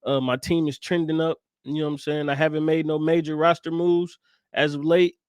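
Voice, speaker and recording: A man's voice: on the high side, flat delivery, a little fast, a little mellow, clean tone, no echo. A man co-hosting a podcast in casual chat, easygoing and upbeat with slangy speech. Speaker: podcast co-host.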